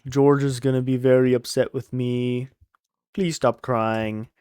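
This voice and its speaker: A childlike, pleading giant of a farmhand, as a man puts him on, his voice clear and smooth. It is recorded dry and close, with no room around it. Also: mid-range voice, fairly even intonation, measured pace, a little mellow, no room sound, close to an everyday voice. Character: big slow-witted gentle farmhand man.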